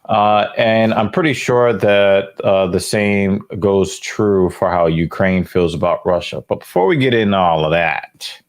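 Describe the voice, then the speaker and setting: A man's voice: deep voice, unhurried, few pauses. A young man hosting a casual podcast, trading crude jokes with his co-host. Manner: joking, crude banter.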